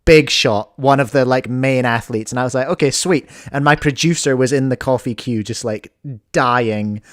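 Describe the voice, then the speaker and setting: A man's voice: mid-range voice, normal speed, no echo. Laid-back New man, dry sound. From New Zealand. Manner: laid-back, chatty storyteller. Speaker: podcast host. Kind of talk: casual chat.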